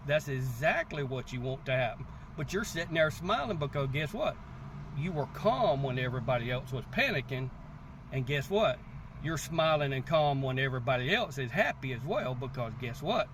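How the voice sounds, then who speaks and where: A man hosting a crypto channel, telling a story in casual, animated talk and often asking "guess what" before his point. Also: mid-range voice, normal speed, slight background noise. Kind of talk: casual motivational talk to camera.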